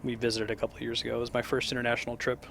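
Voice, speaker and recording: A young man from the United States chatting casually while streaming a game. He rambles through stories and laughs often, with a voice of ordinary pitch. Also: monotone, very fast, vocal fry, a bit bright, a little hiss or hum. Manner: rambling, chuckling anecdotes. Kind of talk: casual chat over gameplay.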